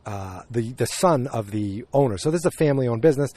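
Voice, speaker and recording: A man's voice: mid-range voice, lively intonation, a little fast, warm tone. Rambling man recapping a TV episode. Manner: rambling, full of fillers and restarts. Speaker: podcast host.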